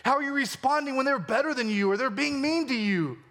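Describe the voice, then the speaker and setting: A man's voice: extremely high pitch, brisk, a bit bright. A man with a Southern American accent preaching a sermon as a pastor, earnest and conversational, full of questions put to his listeners. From Georgia, US.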